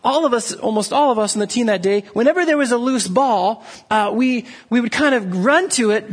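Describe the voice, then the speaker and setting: A man preaching a sermon, telling a story with many restarts and fillers, and dropping to a low, quiet voice for emphasis. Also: animated, normal speed, hardly any pauses, husky. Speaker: pastor.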